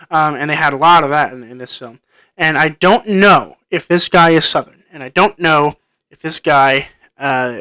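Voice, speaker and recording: A man's voice: fairly high pitch, bright, forceful tone, dry recording. A man giving a casual spoken film review into a computer microphone, rambling and hesitant with frequent ums and restarts. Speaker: movie reviewer. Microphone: microphone plugged into a computer.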